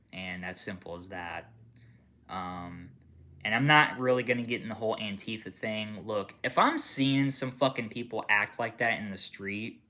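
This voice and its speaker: Angry, swearing man ranting to camera. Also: on the low side. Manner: angry, profane, rambling with restarts; swings from mutters to loud outbursts. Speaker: gaming channel creator. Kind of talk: unscripted political rant to camera.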